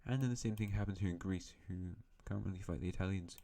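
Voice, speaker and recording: A man's voice: low voice, fast, creaky, mellow. A man hosting an alternate-history map series, narrating in a rambling, chatty way with self-mocking asides. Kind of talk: casual map-game commentary.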